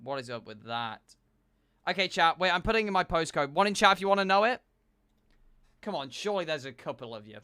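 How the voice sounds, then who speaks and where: A man's voice: fairly high pitch, fairly quick, clean tone, no room sound. A young man, a streamer, chatting casually and joking back and forth with his live chat. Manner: animated, joking banter with chat.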